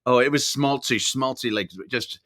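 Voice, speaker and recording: A man's voice: mid-range voice, steady tone, normal speed, a bit bright. An older man from Ireland, a podcast guest telling rambling anecdotes in casual storytelling talk. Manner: rambling anecdotes with laughs and acted-out quotes.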